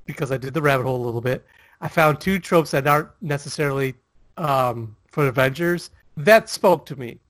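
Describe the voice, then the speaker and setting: A man's voice: medium pitch, brisk, a bit bright, no echo. A man co-hosting a casual chat, rambling with lots of fillers and laughing often. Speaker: podcast co-host.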